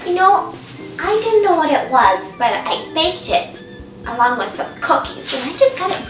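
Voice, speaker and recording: A woman doing a chirpy, high mom. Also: far from the mic, heavily acted. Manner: rambling, folksy, chirpy with sudden shrill outbursts. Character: daffy chatty middle-aged Minnesota mom. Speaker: comic character monologue. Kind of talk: comedy sketch monologue. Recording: echoey room, voice off-mic, music behind.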